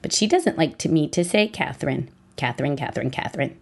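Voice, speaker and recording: A woman reading out the lines of her excitable little daughter with a piping, sing-song lilt. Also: on the high side, measured pace, voice pushed up. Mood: sing-song whisper. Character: excitable, easily frustrated little girl.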